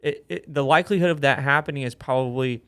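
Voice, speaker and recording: A man's voice: medium pitch, quick pace, fairly bright tone, clean tone. Laid-back young man on a podcast. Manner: laid-back, agreeable, loose restarts. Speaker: podcast co-host. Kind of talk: casual business podcast chat.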